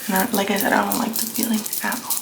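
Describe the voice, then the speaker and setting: A slightly hoarse young woman chatting casually through a makeup tutorial, rambling and full of fillers, recorded on a phone camera at home. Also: medium pitch, level tone, fast talker. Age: young adult. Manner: rambling, filler-heavy, offhand. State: slightly hoarse, coming down with a cold. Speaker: beauty vlogger. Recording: echoey room with clear background noise.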